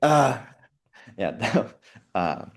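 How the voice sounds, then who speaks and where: A man on a video call in a casual quiz chat, thinking aloud, muttering softly while he recalls answers and laughing often. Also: on the low side, very animated, very slow, creaky. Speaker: quiz co-host.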